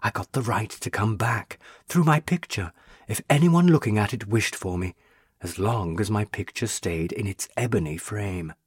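A man voicing a young female ghost, a burned witch, speaking in a pleading, tender and intense way with a husky voice. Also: lowish voice, normal speed, no room sound, studio quality.

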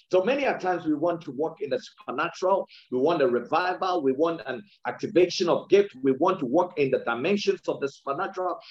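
A man delivers a sermon in a somewhat higher voice whose pitch rises and falls freely. He repeats his key lines and slows down to stress words, and the recording sounds dull and lo-fi. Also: darkish tone. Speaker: preacher.

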